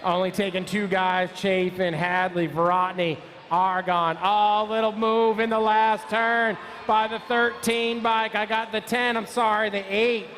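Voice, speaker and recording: A man's voice: high voice, little pitch movement, fairly bright tone, faint music behind. A man announcing a live BMX race, rattling off rider names, numbers and nicknames as they hit the track. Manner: rapid-fire calling of rider names and numbers.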